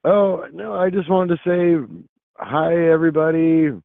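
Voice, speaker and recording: A man's voice: fairly high pitch, measured pace, gravelly, dry recording. A man calling in to a live show, talking in a laid-back, easygoing, rambling way. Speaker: caller. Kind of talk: casual call-in chat. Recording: tinny dry phone line.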